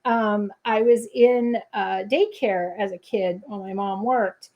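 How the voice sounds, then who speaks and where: A woman's voice: mid-range voice, steady tone, slow, dull audio. A woman hosting a casual crafting livestream, chatting to viewers with playful asides and humming little scat tunes while she works. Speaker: papercrafting livestream host.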